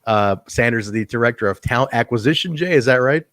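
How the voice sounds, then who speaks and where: A man's voice: medium pitch, animated, quick pace, fairly bright tone, no echo. A man hosting a podcast, chatting enthusiastically about old wrestling shows. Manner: chatty and enthusiastic, many restarts. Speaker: podcast host. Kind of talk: casual chat reviewing old wrestling shows.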